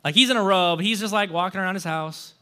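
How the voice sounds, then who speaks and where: A male pastor delivering a conversational sermon. His voice is unusually high for a man, bright and forceful, and he tells the story in an animated way, full of rhetorical questions and a casual "like". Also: fast.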